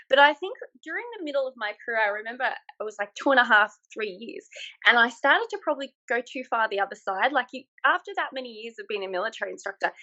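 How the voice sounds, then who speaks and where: An Australian woman in her thirties, a former military instructor, telling stories in a frank, animated way with frequent laughs, over a remote call. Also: fairly high pitch, highs cut off. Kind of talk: casual interview chat.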